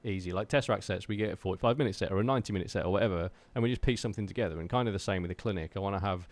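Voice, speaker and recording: Speaking to his live-stream chat in a slightly low voice, an Englishman rambles at a racing pace, full of fillers and restarts. He stays earnest and fired up, urging listeners to keep pushing toward their creative goals.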